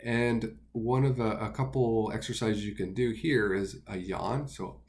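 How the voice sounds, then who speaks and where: A man with a fairly low voice teaches singing basics. He explains each idea step by step in a relaxed, easygoing way, with the odd filler between points. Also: a little slow. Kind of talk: instructional talk with sung demos.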